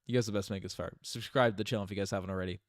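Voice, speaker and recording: A man's voice: on the low side, fairly even intonation, racing, dry recording, clean studio sound. A young man from Newfoundland with a light Newfoundland accent, hosting a rambling, chatty live stream with many restarts and laughs. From Newfoundland, Canada. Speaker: channel host. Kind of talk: casual live stream chat.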